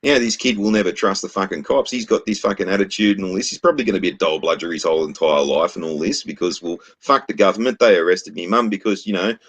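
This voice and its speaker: A man's voice: deep voice, quick pace, few pauses, fairly bright tone, slightly rough. Profane, blunt Australian man. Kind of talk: casual chat.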